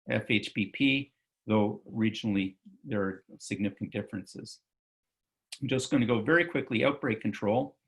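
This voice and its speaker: A man in a medical role talks through slides in a relaxed, unscripted online lecture. His voice sits at a middle pitch with a gravelly edge. He fills pauses with "um" and "uh" and often stops to correct himself. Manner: loose and conversational, with many fillers and self-corrections. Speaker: physician lecturer.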